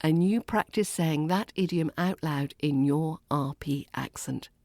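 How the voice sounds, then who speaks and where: British RP woman, accent coach, unhurried delivery, repeats each phrase twice, low-ish voice. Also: darkish tone, no room sound, studio quality. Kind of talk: scripted accent lesson.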